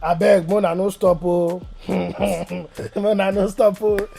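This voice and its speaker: A man's voice: high voice, slow pace, vocal fry, soft background music. A man from Nigeria with a Nigerian accent, telling jokes and stories as a guest MC, laughing often. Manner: animated, joking, laughs often. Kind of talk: comic storytelling interview.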